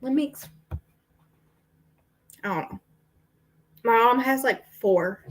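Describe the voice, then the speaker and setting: Young female vlogger, slightly high voice, rambling casual chat with fillers. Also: takes it slowly. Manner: rambling and chatty, with frequent fillers and laughs. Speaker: book vlogger.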